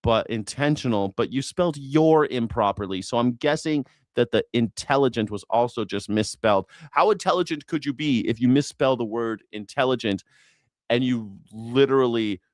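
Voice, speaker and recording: A man's voice: medium pitch, normal speed, darkish tone, no echo, clean studio sound. A man hosting a news reaction livestream, sarcastic, profane and mocking. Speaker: host.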